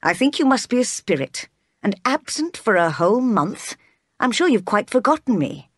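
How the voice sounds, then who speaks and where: A woman reading the lines of a teasing, intense gentleman in an eager, lightly acted voice. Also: on the high side, sing-song, moderate pace, breathy edge, no room sound, clean studio sound, voice pushed up.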